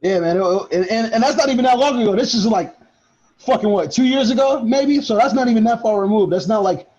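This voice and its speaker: High-voiced young man, lo-fi sound. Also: fast. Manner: animated storytelling, swears often, laughs a lot. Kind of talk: casual chat. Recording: dull lo-fi recording.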